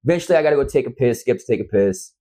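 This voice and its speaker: Man, from Central Illinois, mid-pitched, rambling, profane, casual podcast storytelling. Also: animated, racing, dark tone. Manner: rambling and profane, often asks "you know what I mean". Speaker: guest musician.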